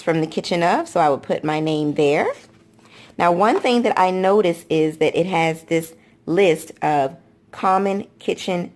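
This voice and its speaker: A woman's voice: sits low, darkish tone. A woman chatting casually through a product walkthrough, gushing and often repeating how much she loves things. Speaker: planner vlogger.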